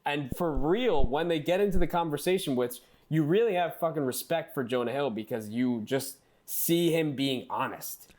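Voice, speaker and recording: A man's voice: on the high side, normal speed. A man co-hosting a casual movie podcast, retelling scenes and acting out quotes. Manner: animated, acts out quotes in character voices. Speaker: podcast co-host.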